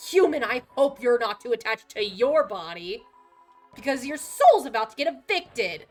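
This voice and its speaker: A woman's voice: a little high, big pitch swings, moderate pace, faint music behind. A woman voicing a furious ghost that lives inside a training dummy, reading game dialogue aloud in a ranting, theatrical way. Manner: ranting, theatrical, shouting insults.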